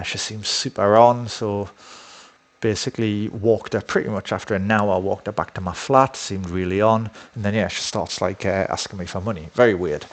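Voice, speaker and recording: A man talking in a casual, rambling monologue, blunt and profane with many fillers. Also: lowish voice. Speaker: dating coach.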